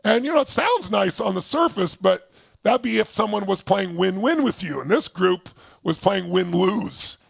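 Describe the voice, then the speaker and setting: A man telling a story in an animated, emphatic motivational talk, swearing freely. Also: high-pitched, moderate pace, gravelly, dry recording, clean studio sound. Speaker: motivational speaker.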